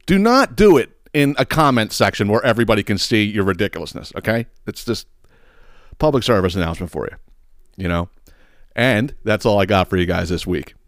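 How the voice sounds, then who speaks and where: A man's voice: lowish voice, expressive, fairly quick, no echo, clean studio sound. A man hosting his own podcast, talking casually in a profane, rambling way with stammered repeats. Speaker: podcast host. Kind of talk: casual solo podcast monologue.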